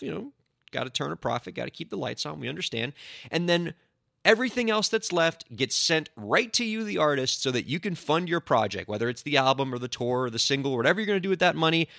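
A man hosting a solo podcast as an entertainment lawyer, talking in an animated, indignant way with playful sarcasm into a close microphone. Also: fairly high pitch, no room sound.

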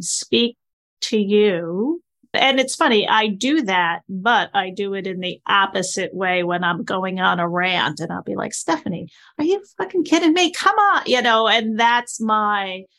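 A woman's voice: medium pitch, slow pace, a bit bright. A woman hosting a casual podcast, chatty and emphatic, affirming her guest. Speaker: podcast host.

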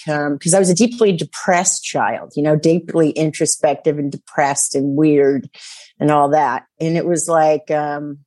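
A woman guest on a talk show, telling stories in a rambling, animated way, full of fillers and laughter. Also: sits low, unhurried. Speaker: psychic guest. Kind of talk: casual chat.

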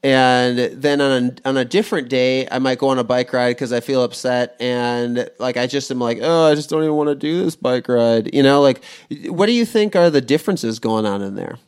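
A man's voice: medium pitch, normal speed, few pauses, clear, resonant tone. A man in his forties asking questions in a casual talk, rambling and thinking aloud with many restarts. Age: 40s. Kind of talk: casual conversation.

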